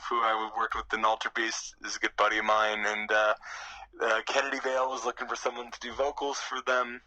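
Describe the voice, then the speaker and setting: A man's voice: fairly low pitch, completely flat delivery, brisk, sharp tone, poor audio. A man who is a musician, a podcast guest chatting easily and laughing often. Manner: easygoing, laughs often, swears. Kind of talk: casual chat.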